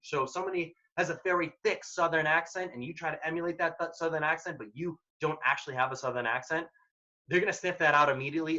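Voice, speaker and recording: A man's voice: fairly high pitch, bright, forceful tone. A man presenting a career workshop, giving direct, emphatic advice in a casual way. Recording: dull lo-fi recording.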